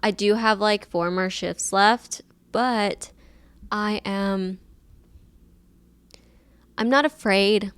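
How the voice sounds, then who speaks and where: A woman's voice: mid-range voice, very slow, pauses often, fairly bright tone, smooth, no echo. A young woman in her twenties hosting a casual solo podcast, telling a personal story in a chatty, emotional way with lots of fillers, recorded on a camera mic. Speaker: podcast host.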